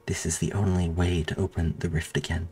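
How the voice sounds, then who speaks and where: A man voicing an obsessive doctor who speaks softly and insistently, in an audiobook reading. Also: deep voice, flat delivery, brisk, slightly rough, faint music behind. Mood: coaxing. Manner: soft, coaxing, insistent. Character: obsessive, coldly tender doctor. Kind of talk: audiobook narration.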